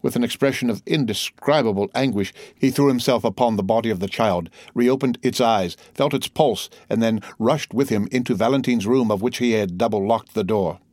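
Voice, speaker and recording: A man narrating a classic novel aloud in a measured, dramatic reading. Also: medium pitch, darkish tone, no echo, studio quality. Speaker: audiobook narrator.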